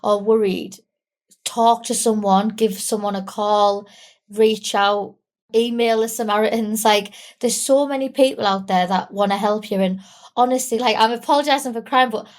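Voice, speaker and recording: A young woman from England, tearful, talking candidly and haltingly with small giggles in an interview. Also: medium pitch, steady tone. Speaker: guest. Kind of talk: emotional interview.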